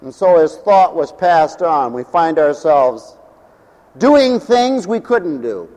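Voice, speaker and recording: A man preaching a sermon as pastor, swinging between loud declarations and hushed, low storytelling. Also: sing-song, slow, long reverb tail, rough recording.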